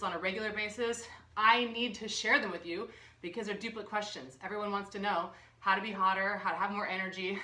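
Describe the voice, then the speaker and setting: A woman's voice: mid-range voice, pushed and bright, echoey room, far from the mic. A woman nutritionist hosting a live online health workshop, bubbly, jokey and full of energy. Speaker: nutritionist host. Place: room under bright lights.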